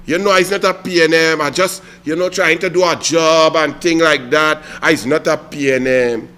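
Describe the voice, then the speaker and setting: A man's voice: on the high side, steady tone, moderate pace, bright, forceful tone, clean tone, soft background music, voice pushed down. A man with a Trinidadian accent imitating an older male politician, mumbling evasively and apologetically. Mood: sheepish.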